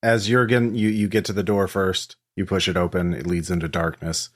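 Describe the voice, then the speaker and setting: A man narrating as game master of a tabletop game, halting with many ums, slow and atmospheric. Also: deep voice, level tone.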